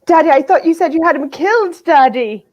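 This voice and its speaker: A woman's voice: expressive, brisk, darkish tone, lo-fi sound. A woman voicing a spoiled, whiny daughter who begs her father to have someone killed. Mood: pleading. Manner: shrill and pleading.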